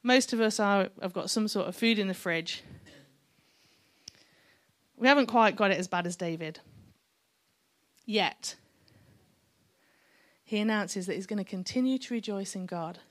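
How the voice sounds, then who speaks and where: A woman's voice: medium pitch, unhurried, long pauses. A middle-aged woman preaching a sermon, chatty and encouraging, with joking asides to the congregation.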